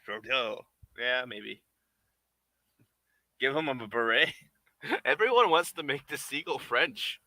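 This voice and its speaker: Bright, playful man chatting while he works. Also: medium pitch, expressive, slow, pauses often, no room sound. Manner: rambling and playful, chuckling often. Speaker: puppet maker streaming live. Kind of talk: casual chat while working.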